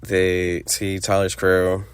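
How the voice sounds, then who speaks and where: A man's voice: low-pitched, completely flat delivery, takes it slowly, smooth, no room sound. A young man casually reviewing a film for a podcast, rambling and swearing, with frequent laughs. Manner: rambling, profane, laughs often. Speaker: podcast host.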